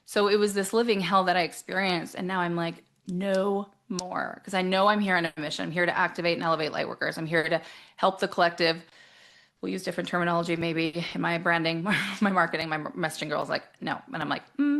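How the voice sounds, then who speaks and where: Woman coach, interview guest; lively, plays out quoted lines, laughs easily; slightly low, fry-edged voice. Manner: animated, acts out quoted voices, laughs often. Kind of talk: casual interview talk.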